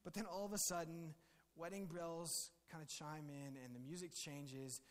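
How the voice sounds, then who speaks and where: Casual preacher with a raised voice. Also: male voice, a little high, steady tone, normal speed, in a large hall. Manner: conversational, jokey, with many restarts. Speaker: pastor. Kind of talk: sermon.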